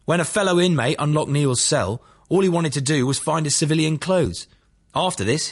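A man narrating his memoir as an audiobook, telling it in a matter-of-fact, dry way. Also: fairly high pitch.

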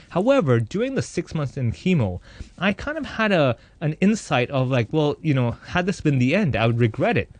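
A man in his thirties, an interviewee, telling his own life story in a candid, animated way with a joking streak. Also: mid-range voice, dry recording. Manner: animated, joking, acts out voices in quotes.

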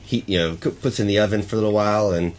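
A man, a chef guest on the radio, explaining a recipe step by step. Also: fairly low pitch. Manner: quick, explanatory. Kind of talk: casual radio interview.

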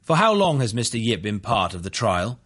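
A composed defense lawyer posing measured, formal questions, as a man puts him on. His voice is slightly raised and has a breathy rasp. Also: medium pitch, very animated, a bit bright.

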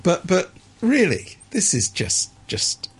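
A man's voice: sits high, wildly swooping pitch, takes it slowly, breathy edge. A man living in Hong Kong giving opinionated political commentary in a sardonic, emphatic way, with many restarts. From Hong Kong resident. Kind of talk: opinionated discussion.

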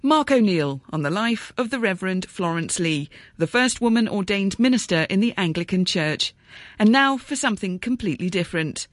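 A woman presenting a radio programme and interviewing a guest, with a crisp delivery. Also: medium pitch, animated, moderate pace, no echo.

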